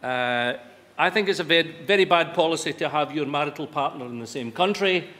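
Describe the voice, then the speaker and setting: A man's voice: on the high side, lively intonation, brisk, sharp tone. A Scottish man giving a humorous after-dinner speech to a live audience, self-deprecating and wry, on a microphone in a large event hall. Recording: reverberant hall with light background noise.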